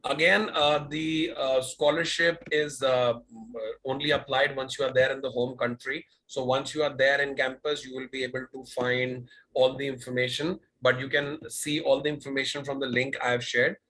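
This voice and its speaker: A man's voice: mid-range voice, little pitch movement, normal speed, a bit bright, rough recording. A man representing a college, answering applicant questions in an online info session with many fillers. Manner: explanatory, with frequent fillers. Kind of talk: webinar Q&A. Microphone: video call.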